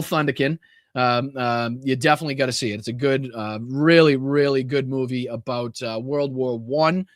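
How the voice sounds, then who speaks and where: A man's voice: medium pitch, dry recording, studio quality. A man with a Boston accent hosting a political livestream podcast, blunt and rambling with lots of fillers and the odd curse. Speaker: podcast host. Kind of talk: casual livestream talk.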